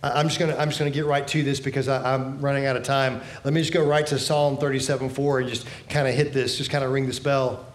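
A man's voice: level tone, fast, hardly any pauses. Earnest preaching man, echoey room. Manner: earnest preaching, drops low and soft at phrase ends. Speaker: pastor. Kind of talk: sermon.

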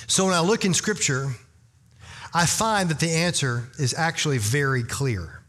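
Middle-aged male pastor, conversational sermon delivery, bright tone. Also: a little high, moderate pace. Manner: conversational storytelling, animated and emphatic.

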